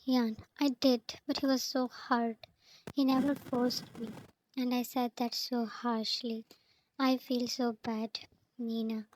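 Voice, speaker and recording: A woman reading the lines of a stubborn, tender-hearted young heroine in a storybook, in a flat, even way. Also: a little high, takes it slowly, a little hiss or hum, rough recording. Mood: upset.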